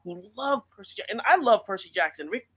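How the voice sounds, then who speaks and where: A man's voice: high voice, lively intonation, fast, sharp tone, slightly rough. A man co-hosting a casual podcast about writing, talking earnestly and reflectively with many fillers. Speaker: author and podcast co-host.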